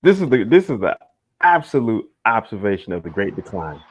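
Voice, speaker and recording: A man's voice: lowish voice, sing-song, a little fast, breathy edge, low-quality recording. A young man hosting a casual livestream chat, laid-back, swearing freely and laughing often. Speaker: host.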